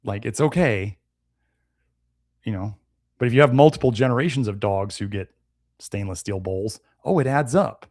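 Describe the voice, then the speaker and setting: A man's voice: lowish voice, normal speed, long pauses, no echo, clean studio sound. Blunt, chatty man on a live stream. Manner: blunt, conversational, animated. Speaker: nutrition show host. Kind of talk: live-stream talk answering viewer comments.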